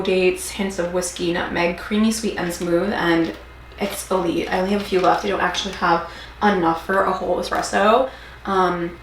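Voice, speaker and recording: A woman's voice: mid-range voice, a bit bright, a little hiss or hum. A woman vlogging casually in her home kitchen, rambling candidly with lots of fillers. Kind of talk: casual vlog chat. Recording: echoey kitchen, voice from far off.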